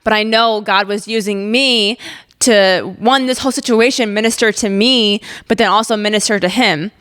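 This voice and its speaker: A podcast host in her twenties from the Ozarks, USA, tells a personal story candidly and expressively, using plenty of "like"s. Her mid-range voice is clear and resonant at a moderate pace.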